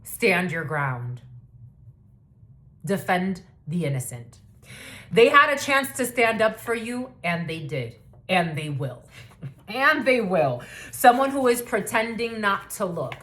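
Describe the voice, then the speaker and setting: A woman's voice: medium pitch, big pitch swings, a little slow, fairly bright tone. A woman in her thirties giving a casual spiritual reading in a blunt, profane way, with laughing asides. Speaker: spiritual reader.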